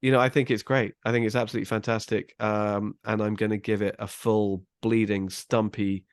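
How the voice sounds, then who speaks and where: A man's voice: fairly low pitch, flat delivery, a little fast, no echo, clean studio sound. A man co-hosting a movie review podcast, earnest and emphatic, stacking up praise. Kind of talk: casual movie review chat.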